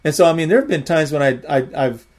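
A man's voice: a little high, fast, darkish tone. A man giving a sermon, telling a personal testimony in an earnest, rambling way and often repeating his words. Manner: earnest storytelling.

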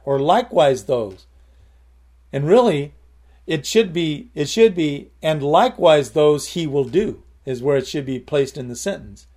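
A man's voice: fairly high pitch, darkish tone. A male preacher giving an emphatic sermon, repeating and restarting phrases and calling out to the congregation. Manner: emphatic, addresses the congregation directly with repeated calls of "Amen?"; repeats and restarts phrases while building a point.

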